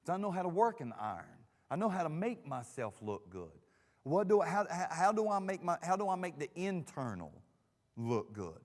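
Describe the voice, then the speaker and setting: A pastor teaches a Bible study, telling the story in an animated way and slipping into character voices. His voice sits a little high. It rings out with the long reverb of a church hall. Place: church sanctuary.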